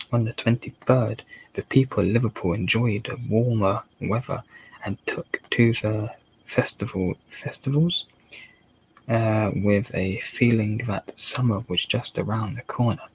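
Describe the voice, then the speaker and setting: A man with a Dorset accent doing a slow ASMR book reading, halting and rereading words as he goes. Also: fairly low pitch, husky, rough recording. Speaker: channel host reading a book aloud.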